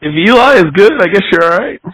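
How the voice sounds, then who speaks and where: A man's voice: high voice, animated, quick pace, a bit bright, poor audio. A man chatting casually about fantasy football, teasing and laughing a lot. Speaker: podcast co-host.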